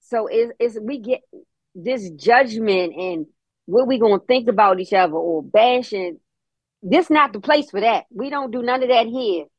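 A woman's voice: fairly high pitch, unhurried, husky, no room sound. A woman calling in to a group call, speaking earnestly and repeating her key points. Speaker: caller.

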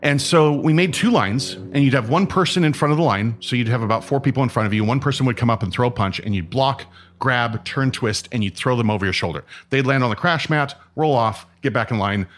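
A man telling martial arts stories in a casual, animated way, acting out dialogue and often asking "right?". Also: medium pitch, fairly quick. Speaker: martial arts instructor and guest. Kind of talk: casual storytelling.

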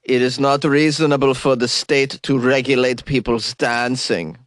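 A man's voice: mid-range voice, fairly even intonation, dry recording, clean studio sound, lightly acted. A man with a cold doing a clumsy, German-tinged fake Swedish accent as a stiff government minister reading a statement. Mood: formal. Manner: slow, formal and stilted. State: has a cold.

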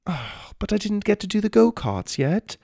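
A prim, courteous young boy in a children's storybook, speaking in a put-on British accent, as a male narrator plays him. His voice sits a little higher than a grown man's and swings lively from word to word. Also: normal speed, no echo, clean studio sound, heavily acted. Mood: eager.

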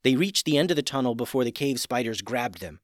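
A man reading a children's adventure story aloud, with a very animated, swooping delivery that builds tension. His voice sits in an ordinary middle register and the recording is close and dry with no room sound. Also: mid-range voice, a little fast, no room sound. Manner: expressive, dramatic storytelling.

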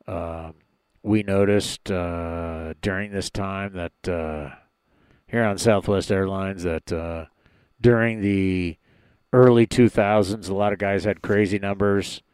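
A man putting on a low, smooth airline pilot voice. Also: fairly even intonation, darkish tone, dry recording. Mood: deadpan announcing. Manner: slow, drawling announcement with many pauses. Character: male airline pilot making a cabin announcement. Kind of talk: comic impression on a sports talk show.

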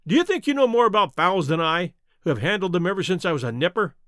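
A man voicing an irritable, stubborn market poultry salesman who blusters in a loud, indignant voice. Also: high-pitched, sing-song, fast talker, no room sound, studio quality. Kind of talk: audiobook character reading.

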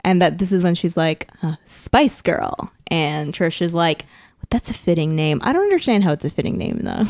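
A woman's voice: lowish voice, expressive, normal speed, darkish tone, dry recording, clean studio sound. A woman casually recapping an episode on a podcast, acting out the characters' lines with laughter. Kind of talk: casual chat.

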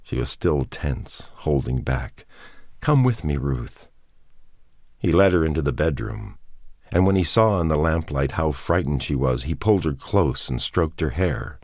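Very deep-voiced male narrator, measured. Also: animated, darkish tone, dry recording, studio quality. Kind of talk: scripted audiobook narration.

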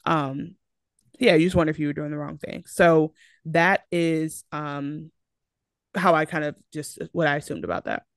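A woman's voice: deep voice, animated, moderate pace, dry recording. A young woman co-hosting a podcast in casual chat, talking animatedly and arguing her point with lots of fillers and restarts. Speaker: podcast co-host.

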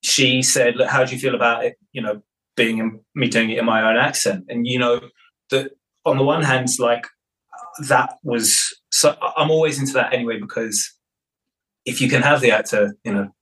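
A film director in casual interview chat, relaxed, with many fillers and restarts. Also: male voice, mid-range voice, normal speed, rough recording.

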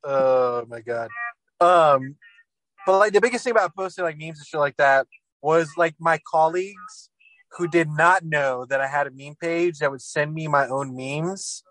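A man trading crude jokes in a casual podcast conversation. His voice sits a little high. The recording is dry and close. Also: normal speed, a bit bright, no room sound. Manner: crude, joking, swearing. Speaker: podcast co-host. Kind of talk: casual chat.

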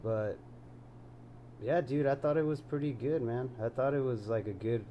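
A man's voice: mid-range voice, normal speed, mellow, a little hiss or hum. A man co-hosting a podcast, chatting casually about a movie in a laid-back way and saying "dude" a lot. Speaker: podcast co-host. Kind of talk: casual movie review chat.

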